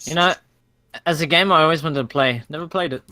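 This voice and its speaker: A man's voice: a little high, a little fast, bright, forceful tone, no echo. A man co-hosting a casual podcast chat, teasing his friends in a dry way. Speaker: podcast co-host.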